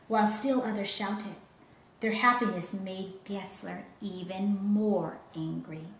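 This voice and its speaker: A woman telling a children's story with dramatic, expressive reading. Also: medium pitch. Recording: roomy echo, faint ambience.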